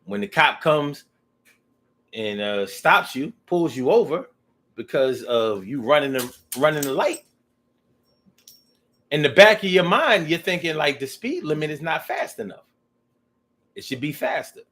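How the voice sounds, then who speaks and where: A man talking in a casual, rambling monologue, animated and profane, to his own audience. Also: a little high, unhurried, pauses often. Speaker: vlogger.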